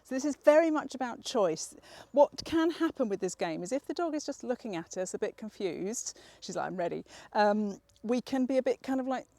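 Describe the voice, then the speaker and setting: A woman's voice: on the high side, expressive, brisk, hardly any pauses, mellow, no room sound. A woman dog trainer, patiently explaining a training exercise step by step and encouraging the dog. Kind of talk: hands-on dog training instruction.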